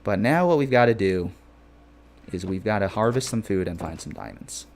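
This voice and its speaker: A man's voice: lowish voice, expressive, normal speed, a little mellow. Rambling jokey man streaming a game. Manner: rambling, loose, lots of filler phrases; jokey and playful. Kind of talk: casual live-stream chat.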